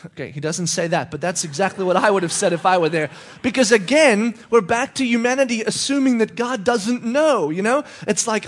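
Casting note: male preacher, casual conversational sermon, voice sitting a bit high, keeps checking in with "okay?". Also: normal speed.

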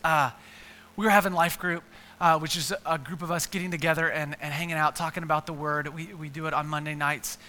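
An earnest male pastor preaching, who stacks up repeated phrases and presses his points with emphasis. His voice is high and bright, and a long reverb rings around the large church hall. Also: fairly even intonation, brisk. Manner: earnest, repeats words, builds to emphatic lists. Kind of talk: sermon.

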